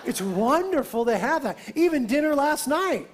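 A man with an unusually high voice delivers a sermon as a pastor. He preaches with lively emphasis and drops into an easy, conversational aside now and then. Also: moderate pace.

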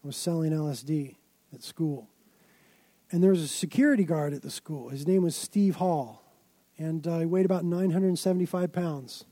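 A man's voice: fairly high pitch, normal speed, mellow, dry recording. A man preaching a sermon, telling stories dramatically with emphatic build-ups. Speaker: pastor.

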